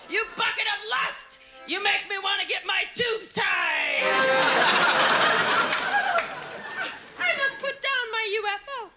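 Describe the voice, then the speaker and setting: A woman doing a stand-up comedy routine on stage, brashly insulting the audience. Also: extremely high pitch. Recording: live show with audience laughter and noise.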